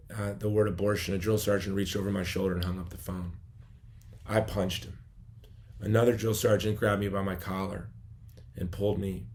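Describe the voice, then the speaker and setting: Gravelly-voiced man telling his story. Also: lowish voice. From Chicago. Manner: earnest storytelling, drops to quiet asides. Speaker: gala speaker. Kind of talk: personal testimony speech.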